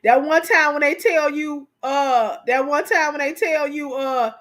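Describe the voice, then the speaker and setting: A woman's voice: high-pitched, a little slow, a bit bright. A woman co-hosting a casual chat, telling stories animatedly, repeating phrases for emphasis and talking straight to her audience. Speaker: co-host.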